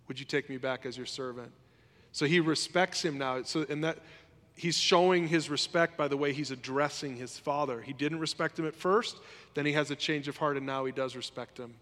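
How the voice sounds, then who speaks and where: Animated male preacher in an echoey hall. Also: on the high side. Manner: animated, conversational preaching, acts out quotes. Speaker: pastor. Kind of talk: sermon.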